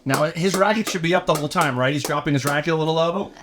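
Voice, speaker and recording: A man's voice: fairly high pitch, quick pace. A man co-hosting a podcast in casual chat, joking and teasing his friend. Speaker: podcast co-host. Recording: noisy background.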